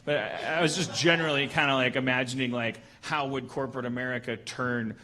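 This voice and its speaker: A man in his forties hosting a comedy podcast, riffing in halting, rambling chat full of restarts. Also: mid-range voice, steady tone, pushed and bright. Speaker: podcast host.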